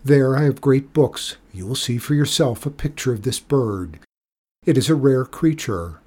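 A man's voice: mid-range voice, normal speed, warm tone, breathy edge, close to an everyday voice. A man reading as an earnest young teacher. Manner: pleading, earnest. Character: earnest serious young male village teacher.

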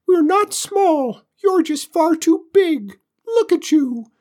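Squeaky pompous tiny alien invaders. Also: female voice, animated, takes it slowly, mellow, exaggerated voice. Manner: squeaky, bossy, indignant. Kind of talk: storybook character voice.

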